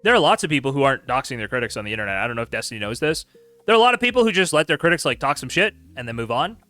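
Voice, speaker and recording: A male streamer picks apart chat logs with sarcastic disbelief and plenty of laughter. His voice is bright and lively, and it swings widely in pitch. The room sounds dry and close. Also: rapid-fire, no echo, faint music behind. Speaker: streamer host. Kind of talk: casual commentary reading chat logs aloud.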